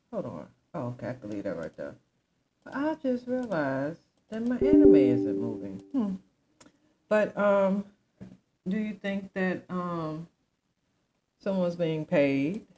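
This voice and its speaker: A woman's voice: low voice, a little mellow, rough recording. A young adult woman hosting a casual commentary chat. She rambles with many asides and keeps asking her listeners questions. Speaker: commentary host.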